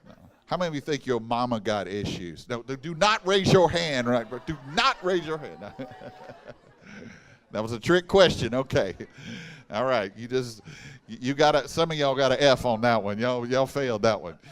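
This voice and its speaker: A man preaching a sermon in a church, folksy and animated, mixing humor and asides with the congregation. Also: medium pitch, normal speed. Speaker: pastor. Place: church hall.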